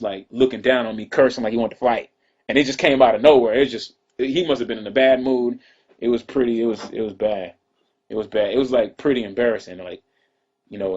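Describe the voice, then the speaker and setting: A man tells a personal story in a quick, husky voice, drawling and looping back through asides and restarts. His voice comes through a dull, lo-fi livestream recording. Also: mid-range voice. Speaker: rapper telling a story to fans. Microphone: livestream computer mic.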